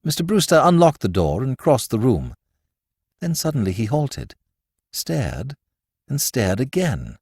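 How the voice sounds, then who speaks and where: A man narrating a classic story as a scripted audiobook, with an expressive, varied delivery. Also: medium pitch, a little slow, vocal fry, pauses often, breathy edge, no room sound, clean studio sound.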